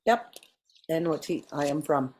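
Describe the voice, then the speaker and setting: A woman's voice: low-pitched, lively intonation, measured pace, a little mellow. Patient woman teaching a class online. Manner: patient step-by-step explaining with frequent ums. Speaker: language teacher. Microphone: video call.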